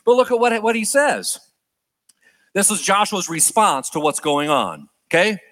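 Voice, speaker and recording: A man preaching a sermon in an animated way, acting out the prayers he quotes with big swings in pitch and volume. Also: measured pace.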